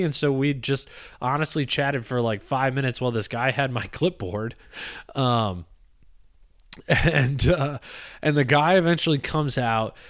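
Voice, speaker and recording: A young man in his twenties recounts a story on his podcast in a loose, rambling way, full of fillers and asides. His voice is smooth and clear at a middle pitch, recorded close with a dry, dead sound. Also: a little slow, a bit bright, no room sound. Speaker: podcast host and comedian. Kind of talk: casual storytelling monologue.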